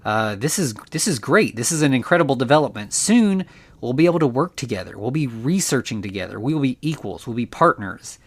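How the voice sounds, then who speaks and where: A man voicing a smooth, coaxing woman scientist, retelling her lines from a movie. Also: mid-range voice, animated, brisk. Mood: excited.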